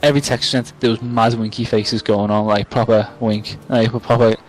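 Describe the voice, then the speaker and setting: A man's voice: fairly low pitch, little pitch movement, fairly quick, rough recording. Tipsy, rambling young man. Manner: rambling, self-mocking, swears a lot. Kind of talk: casual storytelling to camera.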